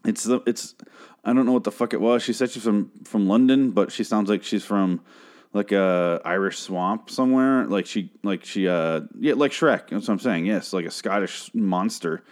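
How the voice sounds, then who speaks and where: Young male vlogger, lowish voice, swearing rants, exasperated show recap. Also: normal speed, a little mellow. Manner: ranting, profane, exasperated.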